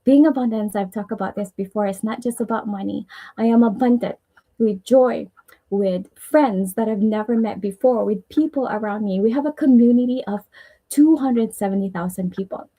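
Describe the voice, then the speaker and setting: A woman's voice: mid-range voice, a little fast, mellow, poor audio. A woman with a Filipino accent hosting a casual live stream, chatty and earnest as she shares personal affirmations, rambling a little with restarts and small laughs. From Philippines.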